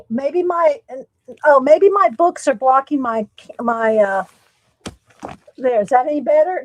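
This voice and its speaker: A woman's voice: a little high, animated, a little slow, dry recording, low-quality recording. A woman hosting a casual livestream from home, chatting and laughing often while greeting viewers by name. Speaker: livestream host. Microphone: desktop USB microphone.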